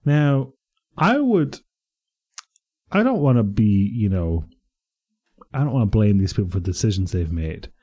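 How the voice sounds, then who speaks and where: A man's voice: lowish voice, sing-song, measured pace, pauses often, dark tone. A man in his late twenties chatting casually as a podcast co-host, with easygoing, wry humour. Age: late 20s. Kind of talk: casual chat.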